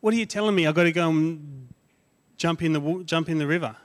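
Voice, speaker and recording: A man's voice: a little high, quick pace, lightly acted. A man voicing an indignant, proud foreign army commander who is demanding and outraged, in a sermon retelling.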